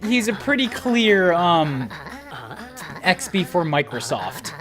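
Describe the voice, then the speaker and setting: A man's voice: sits high, takes it slowly. A man streaming a video game live, joking and commenting animatedly with his co-players. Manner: animated, joking, laughs often. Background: game music.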